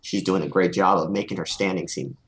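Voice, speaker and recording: A man's voice: low voice, fairly quick, fairly bright tone. Emphatic man in crude casual chat. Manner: emphatic, crude, drawls key words.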